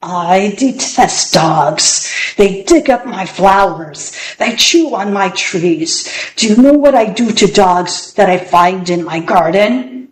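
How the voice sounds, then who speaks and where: A menacing old magician, cold and unhurried, drawing out every word in a low growl, as a woman reading a storybook puts him on. The voice carries a roomy echo around it. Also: animated.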